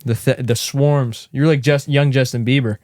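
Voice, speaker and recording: A man co-hosting a casual podcast, throwing in teasing, deadpan crude jokes. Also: medium pitch, moderate pace, no echo, clean studio sound. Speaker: podcast co-host. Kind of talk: casual chat.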